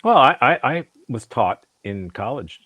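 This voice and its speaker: A man's voice: mid-range voice, sing-song, unhurried, dry recording, phone-quality sound. A man from Brooklyn chatting casually as a podcast co-host, telling rambling stories full of fillers and restarts. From New York, Brooklyn. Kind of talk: casual chat.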